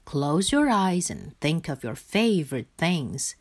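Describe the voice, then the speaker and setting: A woman voicing a firm, adventurous male rat who speaks in a brisk, stern way. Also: sits low, big pitch swings, a little mellow, heavily acted.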